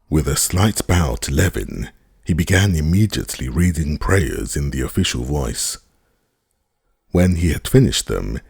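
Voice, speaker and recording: A man reading an audiobook as narrator, with measured storytelling into a close studio mic. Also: rumbling low, gravelly, a little mellow, slightly rough.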